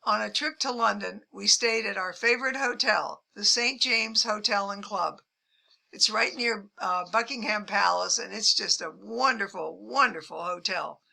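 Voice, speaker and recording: An older woman shares amused travel stories in an unhurried, deliberate way. Her voice has a gravelly fry to it, yet the tone stays bright and forceful. She lifts her pitch whenever she quotes someone. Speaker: travel vlogger. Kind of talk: storytelling anecdotes to camera.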